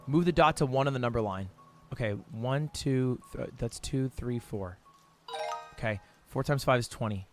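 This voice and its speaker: A young man streaming himself solving math drills, reading questions aloud fast, muttering counts and shouting in frustration. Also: mid-range voice. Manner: frustrated outbursts, reads questions aloud fast, counts under his breath. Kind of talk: live-stream commentary while solving math problems.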